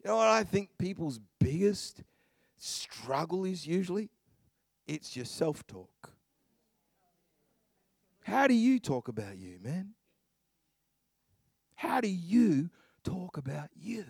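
A middle-aged male preacher with a high, gravelly voice, delivering a passionate sermon. He takes his time, drops to near whispers and rises to shouts. The sound is close and dry. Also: big pitch swings, takes it slowly, long pauses, no room sound. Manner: passionate, swings from hushed murmurs to shouts.

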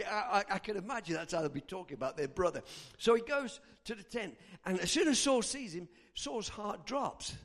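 A man's voice: high voice, a little fast, hardly any pauses. A man preaching a sermon, telling a story and acting out the characters' lines. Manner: animated, acts out characters' lines. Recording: long hall reverb.

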